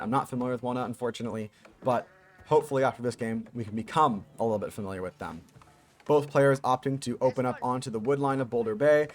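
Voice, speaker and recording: A man giving casual, chatty commentary on a strategy video game as its caster, with joking asides and lively emphasis. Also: medium pitch.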